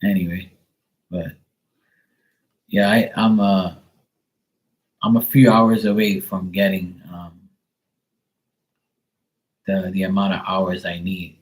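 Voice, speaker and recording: Lowish-voiced guy rambling on a live stream, swears a lot, teases chat. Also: little pitch movement, takes it slowly, long pauses, breathy edge, poor audio. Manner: loose, profane, teasing banter with viewers; soft soothing murmur to his dog.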